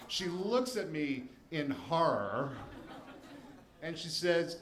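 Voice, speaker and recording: Taking his time in a fairly high, sing-song, somewhat bright voice, a D.C.-area attorney in his forties shares a personal story before a live audience. His humor is dry and self-mocking, and the spacious venue leaves a faint ambience on the recording.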